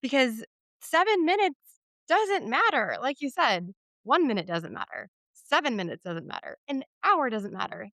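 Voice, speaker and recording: A woman's voice: medium pitch, bright, forceful tone, no room sound. A woman hosting a parenting podcast, speaking in a thoughtful, conversational way. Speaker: podcast host, twin mom. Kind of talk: casual interview chat.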